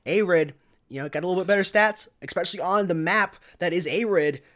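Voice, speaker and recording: A man's voice: high-pitched, brisk, fairly bright tone. A man casting an esports match in a casual, joking way with rambling asides. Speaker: esports caster.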